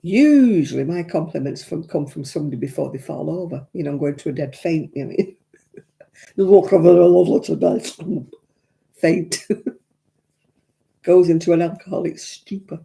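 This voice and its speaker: A woman's voice: low-pitched, expressive, normal speed, creaky, mellow. A woman hosting a casual craft live stream, telling stories in a chatty, self-mocking way and laughing between them.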